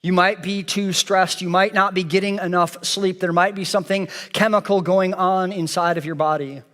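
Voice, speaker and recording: A man preaches a sermon from the church stage, his voice sitting fairly high. He speaks with an earnest, repetitive cadence. The sound carries a long reverb from the church hall. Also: fairly even intonation, normal speed, a bit bright. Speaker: pastor. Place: church sanctuary.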